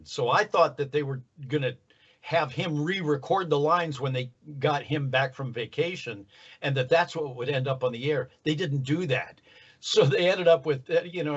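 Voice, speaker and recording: A man being interviewed about his voice work, telling stories in a relaxed, self-deprecating way. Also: a little high, dull audio. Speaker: voice actor guest. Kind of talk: casual interview.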